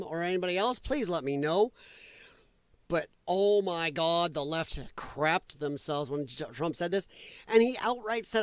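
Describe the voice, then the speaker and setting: A man's voice: sits high, pushed and bright, dry recording. A man hosting a casual political commentary livestream, talking to his chat, laughing a lot and fumbling while he looks for clips. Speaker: livestream host.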